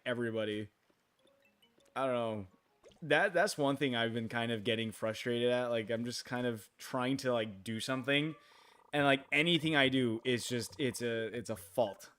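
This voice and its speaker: A tired young man streaming a game late at night, talking in a halting, rambling way full of fillers and restarts. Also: medium pitch, a bit bright.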